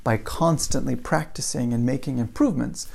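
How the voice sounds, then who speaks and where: A man's voice: medium pitch, moderate pace, vocal fry, a little mellow. A man giving a casual motivational talk, telling a story and building it up with repeated phrases. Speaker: motivational speaker.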